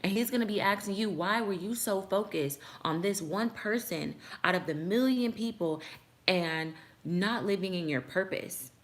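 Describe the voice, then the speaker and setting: A woman's voice: medium pitch, moderate pace. A young woman vlogger giving a heartfelt motivational talk to the camera, with frequent "like" fillers.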